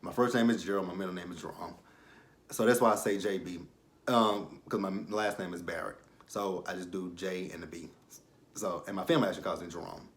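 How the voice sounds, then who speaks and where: A young man in casual chat, recapping a reality show in a candid, rambling way that often trails off into quiet asides. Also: low-pitched, steady tone, brisk.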